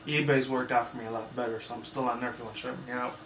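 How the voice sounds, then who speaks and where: A man's voice: mid-range voice, fairly even intonation, very fast. A man in his twenties giving a rambling, profane, casual movie review full of fillers. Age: 20s. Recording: echoey room, mic far off, faint noise.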